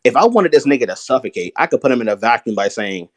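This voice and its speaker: A man on an anime podcast, talking fast and excitably, piling up slang and made-up examples. His voice is mid-pitched, dry and close to the mic. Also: no room sound. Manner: excitable, explains with hypotheticals and slang. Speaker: podcast co-host. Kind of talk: casual chat about anime.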